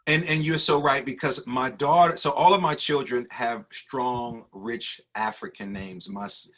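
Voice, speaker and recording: Male podcast host, bright forceful tone, playful and teasing, in a studio. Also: medium pitch. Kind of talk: casual interview chat. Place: recording studio.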